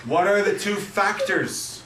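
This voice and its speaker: A man's voice: high-pitched, slow pace, noisy background. A man teaching a math class, playful and upbeat, quizzing his students. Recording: echoey classroom, mic at a distance. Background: students answering.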